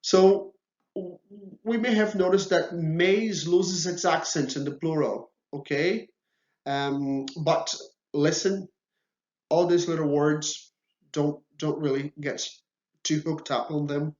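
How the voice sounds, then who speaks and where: A man's voice: on the high side, fairly even intonation, slow, a little mellow. Man, patient teacher, reassuring, echoey room, muffled sound. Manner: patient, reassuring, says okay often. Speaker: Portuguese teacher. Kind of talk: slow, deliberate video lesson. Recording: roomy, slightly dull sound.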